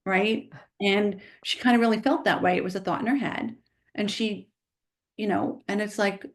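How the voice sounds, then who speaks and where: A woman nutritionist being interviewed, speaking emphatically and quickly, often tagging her points with "right?". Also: mid-range voice, fairly even intonation. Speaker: nutritionist guest. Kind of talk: conversational podcast interview.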